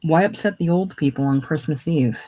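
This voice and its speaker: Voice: medium pitch, normal speed, mellow, natural voice. A reader voicing an older male friend who coaxes and reassures a young couple, in a casual play reading. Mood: coaxing. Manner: coaxing, reassuring.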